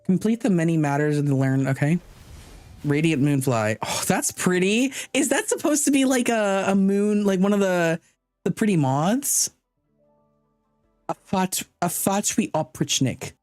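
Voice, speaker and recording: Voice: mid-range voice, animated, unhurried, a little mellow, dry recording, faint music behind. A streamer giving casual live commentary on a game, chatty and thinking aloud, sometimes stumbling over unfamiliar names.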